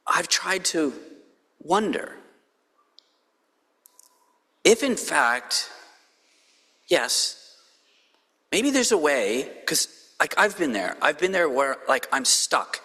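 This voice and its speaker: Animated storytelling pastor in a reverberant hall. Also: male voice, fairly high pitch, slow pace, long pauses, husky. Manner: animated storytelling with playful quoted voices. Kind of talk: conversational sermon. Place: church sanctuary.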